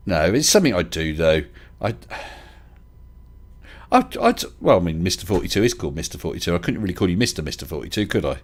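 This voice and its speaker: Chatty man with a lively low voice. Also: very fast, hardly any pauses. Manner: chatty, hesitant, with restarts and chuckles. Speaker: livestream host. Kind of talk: casual live stream chat.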